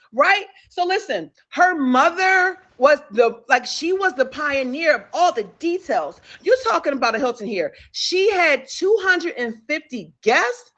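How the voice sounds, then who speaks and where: A woman with a high, bright voice hosts a livestream gossip show. She is bubbly and excitable, piles up repeated hype phrases for her listeners and chats casually into a phone mic. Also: highs cut off. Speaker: livestream talk show host. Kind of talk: energetic celebrity gossip chat.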